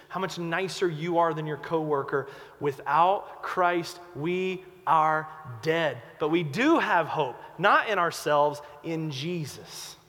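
A pastor preaching a sermon with emphatic delivery, swinging between loud urgent lines and quiet hushed ones. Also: male voice, fairly high pitch, long reverb tail.

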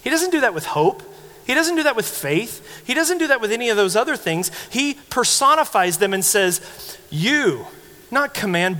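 A man preaching a sermon as pastor, telling stories with animated, acted-out quotes. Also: very high voice, moderate pace, in a large hall. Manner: animated storytelling, acting out quoted voices.

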